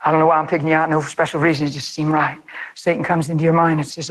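A man preaching a sermon, fervent and animated, speaking straight to his listeners and acting out prayers. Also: very fast, low-quality recording. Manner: fervent, animated, voice leaps high when excited; addresses listeners directly and acts out prayers.

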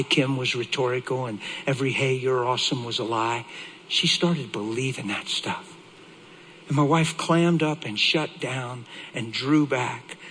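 A middle-aged man, a pastor, giving an emotional, animated sermon testimony. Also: medium pitch, a little hiss or hum, rough recording.

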